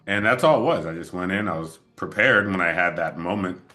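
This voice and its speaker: A man hosting an interview, telling a relaxed story in casual chat and laughing often. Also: deep voice, fairly quick, faint music behind. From moved to LA as an adult. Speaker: podcast host.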